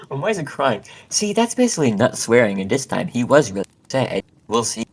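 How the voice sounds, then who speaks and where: A man's voice: mid-range voice, lively intonation, normal speed, slightly rough. A man casually reading a story aloud to a friend on a voice call, stumbling over words and breaking into laughs. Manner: giggly, reads with frequent laughing breaks and stumbles. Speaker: co-host reading a fanfic aloud.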